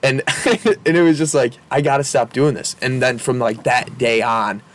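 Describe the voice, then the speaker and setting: A man's voice: medium pitch, normal speed, a little hiss or hum. Guy in his 20s rambling thru a story on a podcast, lots of likes and you knows, laughs a bunch. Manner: rambling, candid, laughs often, many fillers. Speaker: podcast guest. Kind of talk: casual storytelling.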